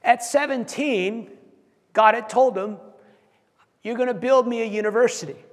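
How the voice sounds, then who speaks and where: High-voiced man preaching in a reverberant hall. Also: normal speed. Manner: animated, acts out quotes, stumbles and repeats words. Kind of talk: sermon storytelling.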